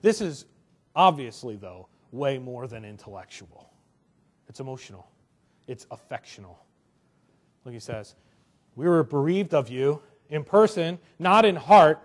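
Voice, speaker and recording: A young man with a fairly high voice delivers a sermon in a relaxed, conversational way. He jokes with the congregation and keeps the talk animated. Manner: conversational, animated, joking asides. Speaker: pastor.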